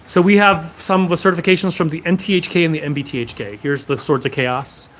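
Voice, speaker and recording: A man's voice: a little high, fairly even intonation, fast, fairly bright tone, a little hiss or hum. A man hosting a casual live stream from a sword shop, reading viewer comments and answering them one after another.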